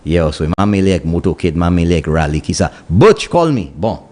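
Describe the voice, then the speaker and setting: A man's voice: low-pitched, steady tone, quick pace, dark tone. A man with a Saint Lucian accent hosting a morning radio call-in show. He talks in a playful, teasing way and mixes English with Kwéyòl. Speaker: radio talk show host.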